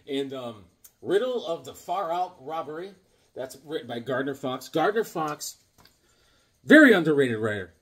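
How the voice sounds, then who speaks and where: Husky and a little high, this man's sing-song voice moves at a moderate pace as he casually discusses his comic collection. He rambles, jokes, drops fillers, and puts on voices for anecdotes.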